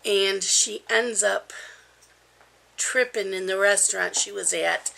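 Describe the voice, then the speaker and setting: Gravelly, bright-voiced woman chatting. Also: medium pitch, slight background noise. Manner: chatty, rambling with ums. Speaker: crafting vlogger. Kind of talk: casual vlog chat. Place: at home.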